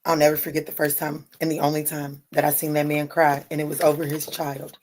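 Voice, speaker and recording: A woman's voice: deep voice, flat delivery, a little fast, a little mellow, slight background noise. A woman hosting a late-night tarot livestream, chatting casually and bluntly with viewers, greeting them by name and swearing freely.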